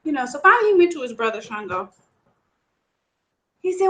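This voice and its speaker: Woman storyteller, animated, conversational, high voice, swooping pitch. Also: a little fast, pauses often, rough recording. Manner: animated, conversational, many asides. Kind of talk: oral storytelling of Yoruba myths.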